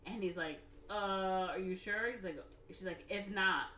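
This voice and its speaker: A woman's voice: medium pitch, a little slow, sharp tone, a little hiss or hum. A woman podcast co-host casually retelling a film plot in a rambling way, full of "like" and "or whatever" and acting out the characters' lines. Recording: roomy echo, mic off at a distance.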